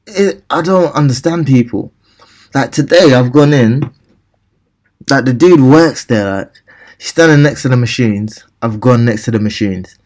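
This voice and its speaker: A young man rants through a story in casual, rambling speech. He keeps acting out his own replies, and his voice sits at an ordinary middle pitch. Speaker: vlogger.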